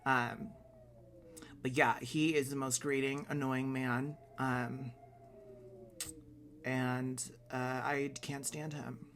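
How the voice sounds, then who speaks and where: A man's voice: mid-range voice, flat delivery, takes it slowly, pauses often, fairly bright tone, slight background noise. A man giving blunt, sarcastic opinions in a casual reaction vlog, swearing casually. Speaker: vlogger.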